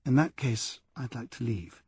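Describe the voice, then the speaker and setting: A man's voice: medium pitch, expressive, moderate pace, a little mellow, husky, no echo. Man voicing a guarded, defiant woman witness. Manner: clipped, evasive replies. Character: female witness under questioning, guarded and defiant.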